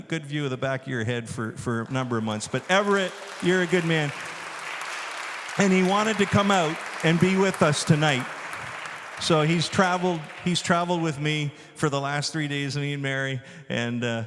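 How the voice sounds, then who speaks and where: A man, a filmmaker, telling animated stories to an audience and acting out the dialogue. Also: fairly high pitch, normal speed, long reverb tail, a crowd in the background, background noise. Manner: enthusiastic, acts out dialogue. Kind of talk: animated storytelling talk.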